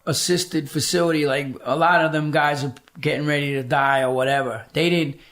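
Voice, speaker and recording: A man's voice: fairly high pitch, fairly even intonation, brisk, a bit bright. A middle-aged man, a podcast guest, telling a personal story in a casual interview, blunt, profane and emphatic.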